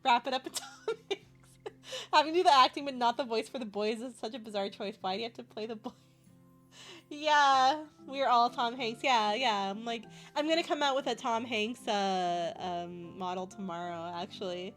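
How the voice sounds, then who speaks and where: A woman's voice: a little high, moderate pace, a bit bright, faint music behind. A woman live streamer chatting casually with her viewers, playful and a bit loopy, laughing constantly as she talks.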